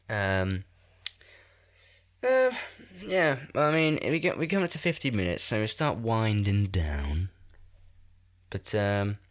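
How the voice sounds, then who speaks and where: Podcast host, twenties, stuffed-up nasal cold voice, low-pitched, loose self-mocking ramble. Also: male voice, big pitch swings, slow, pauses often. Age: 20s. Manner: rambling, self-deprecating, laughs often. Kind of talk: casual chat. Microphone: new podcast microphone.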